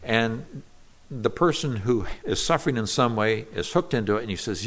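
A man's voice: medium pitch, lively intonation, moderate pace, a bit bright. A man giving an earnest expository Bible lesson, explaining verses patiently with small restarts. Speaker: Bible teacher.

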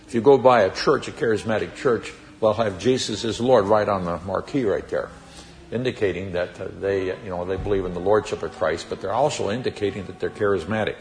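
A man with a somewhat low voice delivers a Bible teaching sermon. He reads scripture with deliberate emphasis and then explains it in a measured way, with the odd filler. A faint hiss sits under the recording.

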